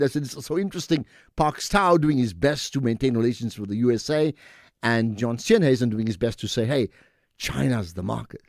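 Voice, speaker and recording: A man's voice: medium pitch, animated, brisk, dry recording, studio quality. A man hosting a call-in radio show, talking casually and pushing back on callers. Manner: conversational, rebuts callers directly. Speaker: radio talk show host. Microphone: studio microphone.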